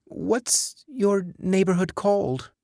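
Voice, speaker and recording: A polite, ambitious young woman, voiced by a male audiobook narrator, in a storybook reading. Her voice sits high and sleepy, with soft, fading replies and a gravelly edge underneath. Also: expressive, slow, dry recording, studio quality. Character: tired, polite career-driven young woman.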